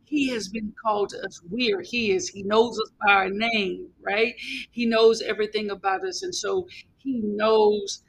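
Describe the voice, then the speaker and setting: A man's voice: high voice, measured pace, creaky, fairly bright tone, husky, rough recording. A man hosting a devotional podcast, exhorting listeners in an earnest preacherly way with lots of repetition. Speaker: podcast host.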